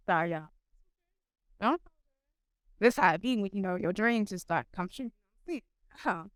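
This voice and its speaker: A young woman from the United States, a brand founder, telling an emotional, animated personal story to a live audience. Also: medium pitch, unhurried, long pauses, no room sound, clean studio sound. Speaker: panel guest, clothing brand founder.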